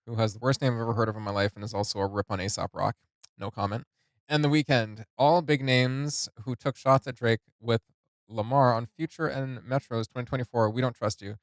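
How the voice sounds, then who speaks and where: A man hosting a music reaction video, reading lyrics and annotations aloud in a casual, halting way with many fillers. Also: mid-range voice, no room sound.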